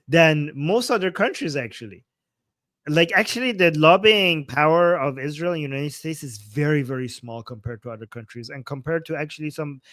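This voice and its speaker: A man's voice: on the high side, a bit bright, no room sound. A man commentating on a livestream, reacting to a clip with sarcastic, exasperated rebuttals.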